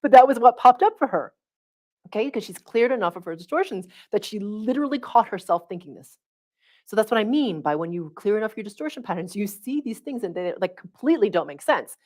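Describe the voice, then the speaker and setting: A middle-aged woman hosts a livestream and teaches in a casual, conversational way. She talks with animated energy and keeps checking in with her listeners as she goes. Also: mid-range voice, fairly quick. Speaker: spiritual coach hosting a livestream.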